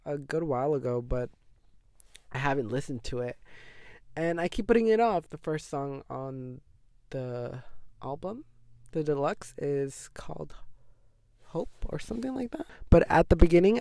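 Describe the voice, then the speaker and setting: A nineteen-year-old male podcast host chats casually, gossipy and dramatic, saying "like" constantly. His warm voice sits on the high side, recorded with a clean studio sound and no room echo.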